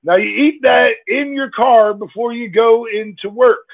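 A podcast guest with a high voice tells jokey stories in a laid-back way, laughing easily. He comes through a tinny, phone-like call line with thin, narrow sound. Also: a little slow, vocal fry. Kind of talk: casual chat.

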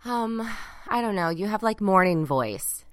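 Woman co-host, unhurried and easygoing, pitch swings a lot, dry sound. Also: expressive, dry recording. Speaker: podcast co-host. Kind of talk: casual chat.

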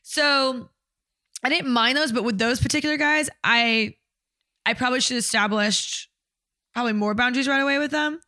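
A woman's voice: sits high, normal speed, sharp tone, no echo, clean studio sound. A young woman telling a personal story in casual conversation, candid and blunt, swearing often.

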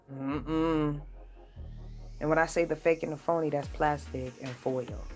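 Brash young woman hosting a podcast. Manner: brash, loud and swearing, with sudden high-pitched outbursts. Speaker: podcast host. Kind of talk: casual solo podcast rant.

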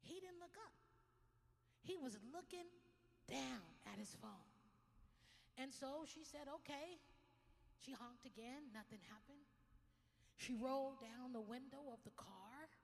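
A woman pastor preaching a lively sermon, telling stories and swinging from quiet asides to loud exclamations. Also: sits high, measured pace, gravelly, long pauses, big-room sound, slight background noise.

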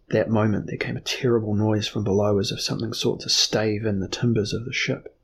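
A man narrating a fantasy novel as an audiobook in a measured, even storytelling manner. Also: on the low side, gravelly, slight background noise.

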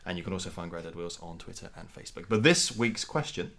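A man co-hosting a casual podcast chat, relaxed and a little hesitant, with frequent fillers. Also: deep voice, fast, a little hiss or hum. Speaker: podcast co-host.

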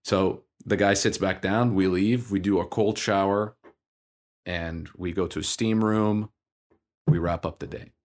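A man co-hosting a podcast, telling a story in a casual, animated way. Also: deep voice, measured pace. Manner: animated storyteller, acts out dialogue. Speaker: podcast co-host.

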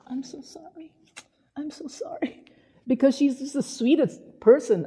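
A woman preacher giving a sermon, telling stories and acting out the people she quotes. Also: a little high. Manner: animated storytelling, acting out quotes. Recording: hall reverb.

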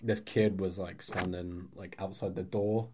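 A man, laughing often and telling a deadpan story in a casual chat. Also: deep voice, a little slow.

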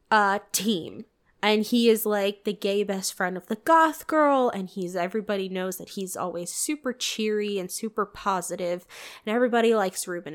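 A young woman hosting a casual movie commentary, animated, incredulous and freely swearing. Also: medium pitch. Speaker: podcast host.

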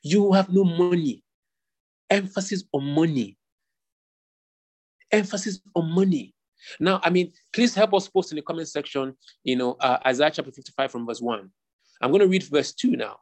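A man preaches a sermon with a gravelly, husky voice that sits a little high. He presses his points with rhetorical questions and says key lines twice. He is speaking to an online group. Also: moderate pace. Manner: rhetorical questions, repeats phrases, emphatic. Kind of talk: sermon teaching.

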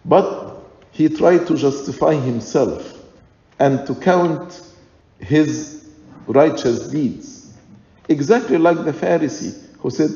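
A man preaching a sermon in slow, deliberate, emphatic points. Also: on the high side, dark tone. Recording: echoey church hall, dull lo-fi sound.

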